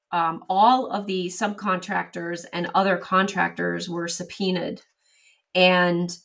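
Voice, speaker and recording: A middle-aged woman in an interview, recounting her experiences with lively energy and playing out both sides of old conversations. Her voice sits at an ordinary pitch for a woman. She is set a little back from the microphone, so the sound is slightly distant. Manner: animated storyteller, acts out quoted exchanges. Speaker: interview guest. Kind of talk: casual interview storytelling.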